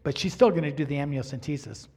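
A middle-aged man preaching, telling a personal story in an animated way and acting out the dialogue. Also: on the high side, quick pace, slightly rough. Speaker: pastor. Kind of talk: sermon storytelling.

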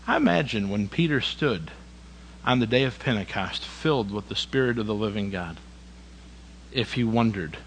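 Mid-range in pitch, a man preaches a sermon with dramatic scripture reading, casual folksy digressions, and abrupt quiet emphasis. The poor recording carries a bit of hiss or hum.

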